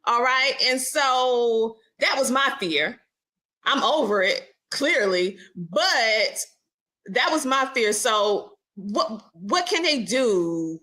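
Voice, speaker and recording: Bright high-voiced Southern woman. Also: animated. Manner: drawn-out twang, laughs easily. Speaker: podcast host. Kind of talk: casual interview chat.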